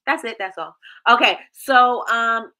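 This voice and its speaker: Chatty bright-voiced woman livestream host. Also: on the high side, a little slow. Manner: chatty, reads viewer comments aloud, lively. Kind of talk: casual livestream chat.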